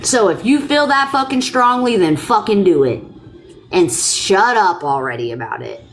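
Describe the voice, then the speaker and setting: A woman hosting a live stream, talking loudly and bluntly and swearing often in casual chat. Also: mid-range voice, very animated, normal speed, slight background noise.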